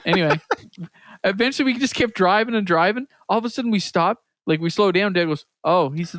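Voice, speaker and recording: A man's voice: a little high, normal speed, no room sound. A man from Canada, co-hosting a podcast, telling a story in casual chat, laughing often and acting out what others said. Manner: animated, laughs often, acts out quotes. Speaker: podcast co-host.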